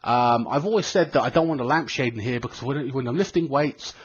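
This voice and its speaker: A man's voice: mid-range voice, a little fast, breathy edge. A thirty-year-old British man with a British accent, telling a rambling, sweary story in a casual vlog, full of fillers and restarts. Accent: British English. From Britain. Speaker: gaming vlogger. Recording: dull lo-fi home recording.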